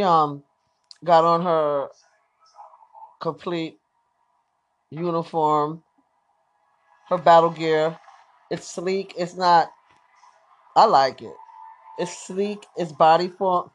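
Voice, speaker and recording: A podcast host giving a casual, live running commentary while watching a movie, blurting out excited reactions and swearing freely. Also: medium pitch, slow, long pauses.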